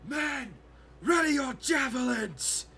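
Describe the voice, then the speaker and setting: A man voicing a commanding female orc warband leader who makes loud, threatening declarations in a tabletop game. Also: a little high, expressive, unhurried, vocal fry, pitched above the performer's own voice, full character voice. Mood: shouting orders.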